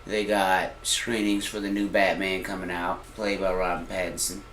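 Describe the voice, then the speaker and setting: A man co-hosts a casual podcast, talking in a laid-back, earnest and slangy way. His voice sits very low, and the room around him rings with echo. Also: little pitch movement, normal speed, a bit bright, slight background noise. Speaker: podcast co-host. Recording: roomy echo.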